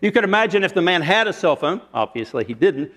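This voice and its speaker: A man's voice: high-pitched, sing-song, quick pace, fairly bright tone. A man preaching a sermon, retelling a parable with rhetorical questions and shifting emphasis. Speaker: pastor.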